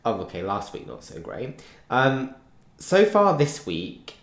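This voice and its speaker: A man's voice: mid-range voice, wildly swooping pitch, a little slow. A man co-hosting a podcast over a remote call, chatting casually and laughing easily. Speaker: podcast co-host. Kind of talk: casual chat. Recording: roomy echo.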